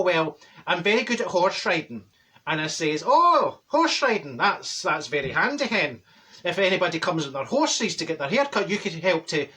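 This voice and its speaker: A man's voice: sits high, pushed and bright, full character voice. Marjorie, a blunt Glaswegian gossip, as a man puts her on. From Glasgow. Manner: gossipy, blunt, self-described people person. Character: brash chatty middle-aged Glaswegian woman. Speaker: comedy character. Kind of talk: character comedy monologue.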